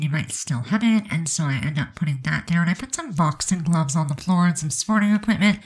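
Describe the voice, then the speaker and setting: A woman with a low, congested voice gives voice-over commentary on a game build. She is chatty and rambling, using many fillers. The recording quality is rough.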